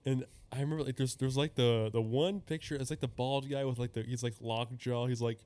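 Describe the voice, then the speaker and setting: A young adult man hosts a podcast, rambling through loose stories in a casual chat with plenty of laughing and swearing. His voice is medium-pitched, steady and darkish, and he talks briskly.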